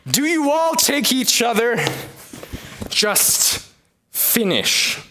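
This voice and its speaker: A young man performing a one-man comedy play, with a hammy, exaggerated delivery and sudden pitch swings. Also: big pitch swings, drawn-out words, sharp tone, slight background noise. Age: young adult. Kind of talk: theatrical one-man comedy, many voices.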